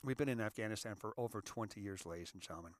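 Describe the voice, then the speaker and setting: A man's voice: fairly low pitch, very fast, no room sound, clean studio sound. A middle-aged American man, a volunteer fire captain, giving an impassioned monologue that repeats key phrases and addresses the audience directly. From United States.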